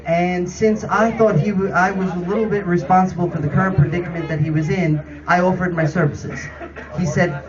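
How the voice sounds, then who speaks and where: Brief: high-voiced man, crude roast storyteller; distant, muffled mic, loud audience around him. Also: brisk. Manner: profane, exasperated storytelling. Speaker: roast speaker. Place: comedy roast venue with audience. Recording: distant lo-fi room recording with loud crowd.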